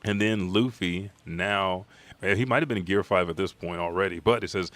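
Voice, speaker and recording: A man hosting a live comic reaction stream, talking in a rambling, profane, excitable way. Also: deep voice, moderate pace, no room sound.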